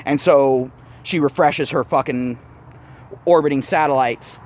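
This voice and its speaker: A man's voice: medium pitch, measured pace, a little hiss or hum. A man telling a story in a blunt, profane, mocking rant to his vlog audience. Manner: blunt, swears constantly, mocking retelling. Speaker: vlogger.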